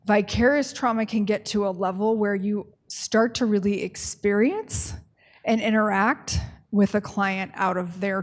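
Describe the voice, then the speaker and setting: Woman running a workshop, brisk and chatty. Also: mid-range voice. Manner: brisk, conversational, with checks like "okay?". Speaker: trainer. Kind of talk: workshop training talk.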